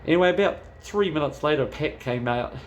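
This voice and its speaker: A man's voice: a little high, expressive, a little fast, dull audio, a little hiss or hum. A man chatting casually as a travel vlogger, rambling and swearing freely. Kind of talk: casual chat.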